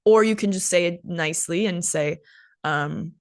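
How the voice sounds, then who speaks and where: A woman's voice: lowish voice, brisk, darkish tone, no echo, clean studio sound. A young American woman hosting a casual spoken English lesson in a chatty way. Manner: chatty, acts out example phrases with big swoops. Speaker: English teacher and host.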